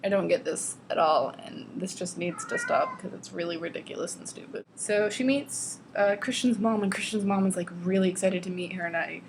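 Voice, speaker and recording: A woman's voice: sing-song, a little fast, few pauses, background noise. Sarcastic young woman ranting about a book. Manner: sarcastic, exasperated, swears freely; jumps to squeaky high pitch when mocking quotes. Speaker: vlogger reading a novel. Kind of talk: casual ranting book commentary.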